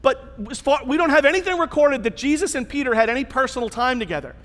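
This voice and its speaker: A man's voice: very high-pitched, animated, fast talker, a bit bright. A man giving a casual, chatty sermon and asking his listeners questions. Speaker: pastor. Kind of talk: conversational sermon. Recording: long reverb in a large hall.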